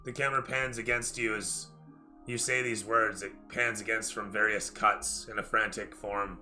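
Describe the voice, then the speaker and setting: Male game master, clear bright tone, lowish pitch, cinematic second-person narration, music under. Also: level tone, moderate pace. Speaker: dungeon master.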